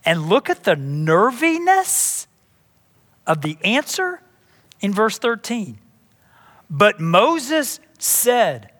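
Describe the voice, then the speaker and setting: Bright high-voiced preacher in a reverberant hall. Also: male voice, sing-song, extremely slow, long pauses. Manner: emphatic, conversational preaching with repeated words. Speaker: pastor. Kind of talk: sermon.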